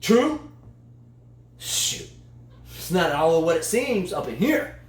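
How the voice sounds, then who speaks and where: A man's voice: high voice, big pitch swings, slow pace, echoey room. A man co-hosting a casual tennis chat show, a long-winded, playful storyteller. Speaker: tennis channel co-host.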